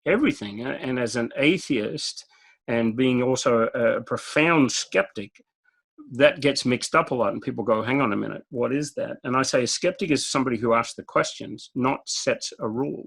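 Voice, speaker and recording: A man's voice: mid-range voice, moderate pace, gravelly, fairly bright tone, breathy edge, poor audio. A man with an Australian accent, a guest in a casual interview, talking directly and telling stories with frequent chuckles. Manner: direct, storytelling, chuckles often. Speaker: guest speaker.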